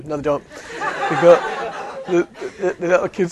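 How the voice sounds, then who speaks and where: A man with a fairly high voice gives a relaxed faith talk to a group. He speaks casually and fills his sentences with "you know". He also drops in teasing jokes. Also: fast, few pauses, no room sound. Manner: conversational, many fillers, joking asides. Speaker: Alpha course speaker. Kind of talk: evangelistic talk.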